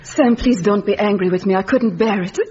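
A melodramatic woman reunited with her lost love, played by an actress in a radio comedy, undercutting the romance with deadpan asides. The sound is dull and muffled, with steady loud hiss behind her. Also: medium pitch, a little fast, natural voice. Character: dramatic woman returning to a lost lover.

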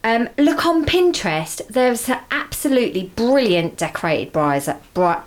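A woman's voice: a little high, big pitch swings, measured pace. Upbeat woman radio co-host. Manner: upbeat, enthusiastic promoter. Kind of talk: casual radio chat.

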